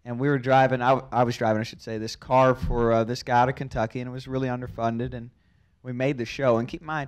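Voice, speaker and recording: A tipsy young man, a race car driver, telling a long story at a press conference, chuckling and repeating words as he goes. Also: medium pitch. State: a little drunk.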